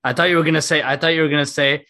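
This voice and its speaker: A man's voice: on the high side, steady tone, rapid-fire, bright, forceful tone. Chatty male podcast host. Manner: chatty, self-deprecating, laughs often. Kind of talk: casual podcast chat.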